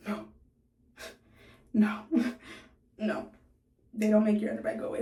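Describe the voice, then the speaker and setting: A 19-year-old woman vlogger casually tells her viewers a story, chatty and often laughing, her jaw sore from recent surgery. Her voice is on the high side at normal speed with frequent pauses, captured far from the mic in a very noisy, echoey room.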